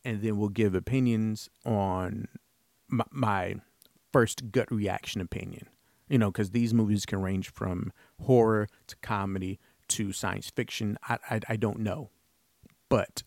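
A man's voice: fairly low pitch, fairly even intonation, measured pace, creaky, darkish tone, no room sound, studio quality. A man hosting his own podcast, talking casually and earnestly, rambling with frequent restarts. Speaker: podcast host. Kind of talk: casual solo podcast talk.

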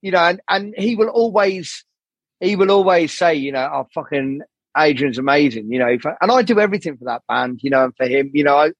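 Male podcast guest, husky and a touch high, tangents and swearing, dry close sound. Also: a little fast, no room sound, highs cut off. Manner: swears a lot, rambling, acts out quoted people. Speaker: podcast guest, jazz saxophonist. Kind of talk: candid podcast conversation.

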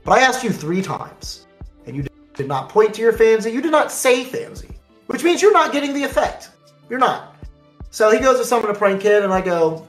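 A man's voice: high-pitched, normal speed, reverberant, faint music behind. A man casually telling the story of his card game tournament, acting out the back-and-forth with opponents and judges. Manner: animated, acts out quoted exchanges.

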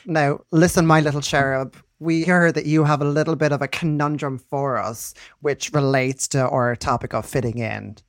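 A man's voice: a little high, fairly even intonation, moderate pace, few pauses, no echo, clean studio sound. Camp gushing man co-hosting comedy. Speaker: co-host in a comic persona. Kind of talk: improvised comedy role-play.

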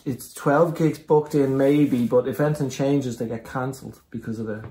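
A man from Ireland, a comedian guest telling anecdotes in casual chat, animated and swearing freely. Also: mid-range voice, moderate pace. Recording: echoey room.

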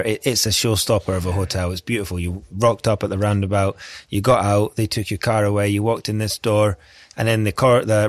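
A Scottish man, a chef, telling stories in casual chat, excitable and swearing freely. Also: lowish voice. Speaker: chef guest.

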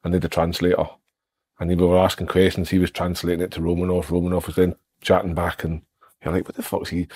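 A man's voice: sits low, completely flat delivery, fast, a little mellow, slightly rough. A Scottish man co-hosting a podcast, blunt and sweary in casual banter. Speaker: podcast co-host, former footballer.

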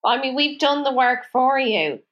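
A woman co-hosting a podcast, chatting casually and telling animated stories, laughing often. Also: high-pitched, normal speed, highs cut off. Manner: animated storytelling, laughs often, acts out quotes. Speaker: podcast co-host. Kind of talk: casual chat.

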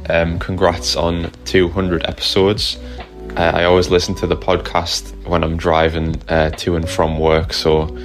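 A laid-back man giving a hesitant recorded message of congratulations, with many ums and uhs. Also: deep voice.

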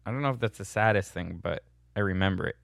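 A man's voice: sits low, fast, creaky, no echo. A young man casually answering viewer questions in a blunt, sardonic way, chuckling at his own jokes. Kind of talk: casual Q&A monologue.

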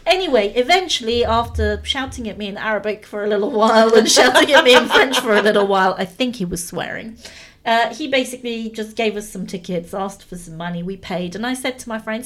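A woman's voice: fairly high pitch, a little fast. Laughing woman telling a travel story. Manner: animated, laughing often. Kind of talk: storytelling anecdote.

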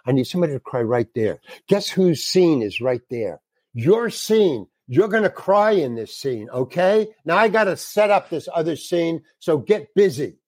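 A man's voice: fairly high pitch, lively intonation, a little mellow, dry recording. A man voicing a brusque, bossy male film director who fires off blunt orders. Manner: blunt, rapid-fire, commanding.

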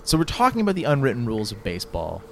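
An exasperated man hosts a casual talk show, his voice swinging widely in pitch and leaping up high when something strikes him as absurd. Faint noise hums under the recording. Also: huge pitch swings, rapid-fire, a bit bright. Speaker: podcast host. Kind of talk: casual chat.

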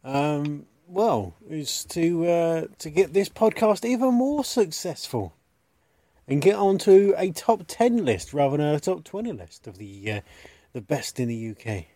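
A man's voice: on the high side, animated, unhurried, mellow, no room sound. A man co-hosting a comedy podcast, hesitant and joking in casual chat. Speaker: podcast co-host.

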